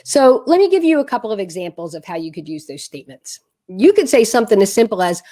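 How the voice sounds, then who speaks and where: Lively, conversational woman giving parenting advice. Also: mid-range voice, fast talker. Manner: earnest, conversational, with frequent fillers and restarts. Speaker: parenting coach. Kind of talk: direct-to-camera advice talk.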